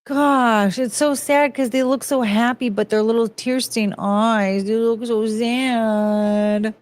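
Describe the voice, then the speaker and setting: Young woman streamer, slow drawn out talk, gushy and cooing, super dry close sound. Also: on the high side, fairly even intonation, dry recording. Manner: gushing, cooing at pictures of dogs. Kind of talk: casual live-stream chat.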